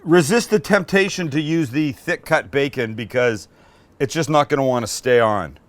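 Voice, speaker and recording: A man hosting a cooking show, walking through a recipe in a relaxed, joking way and bantering with the crew behind the camera. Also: mid-range voice, normal speed, dry recording. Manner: chatty, joking, teases his crew. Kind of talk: casual cooking demonstration.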